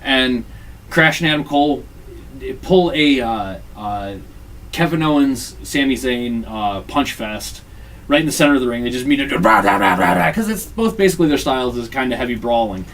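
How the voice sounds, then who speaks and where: A podcast host with a gravelly, mid-range voice recaps a wrestling game at a moderate pace, recorded on a distant mic. He tells the story casually and animatedly, swearing a lot and acting out quotes.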